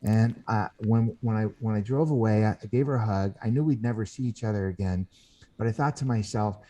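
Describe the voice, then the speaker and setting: A man's voice: fairly low pitch, dark tone, highs cut off. A man, a guest author on a podcast, telling a story earnestly and often restarting his sentences. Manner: earnest storyteller who acts out quoted voices; halting, with frequent restarts. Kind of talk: podcast interview.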